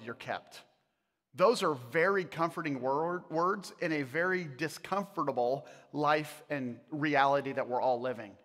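A man, a pastor, preaching a sermon in a casual, animated way, with jokes and asides to the congregation. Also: a little high. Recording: long hall reverb.

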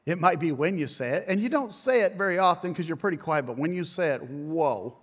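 A man in his thirties preaching a sermon, loud and animated, telling stories with self-mocking humor. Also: on the high side, a little fast, slightly rough. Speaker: pastor. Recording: long hall reverb.

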